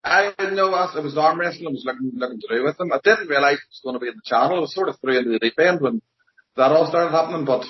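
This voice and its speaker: A softly spoken man with a Northern Irish accent, answering interview questions plainly and modestly. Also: on the high side, fast. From Northern Ireland. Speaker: interview guest, armwrestler. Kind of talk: casual interview. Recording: echoey, muffled lo-fi audio.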